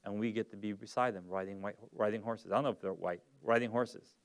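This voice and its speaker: A man preaching a sermon in a conversational way, dropping to a near whisper and rising loud again. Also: fairly low pitch, steady tone, a little fast. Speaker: pastor. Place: church.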